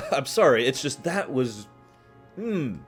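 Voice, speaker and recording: A man streaming, chatting casually with his viewers in a rambling, animated way, often laughing and acting out scenes. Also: medium pitch, slow, soft background music. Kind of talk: casual chat with live chat.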